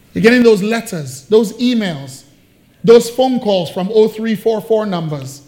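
A man's voice: sits high, animated, moderate pace, darkish tone. A man preaching a sermon, telling a story with playful asides and jokes.

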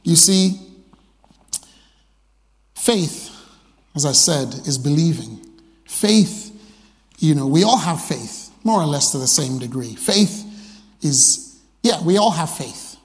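A middle-aged man preaching a sermon, telling family stories and often changing his pitch and voice to act out the people he quotes. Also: slow pace, pauses often. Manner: animated, breaks into pitched voices for quoted characters. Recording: long hall reverb.

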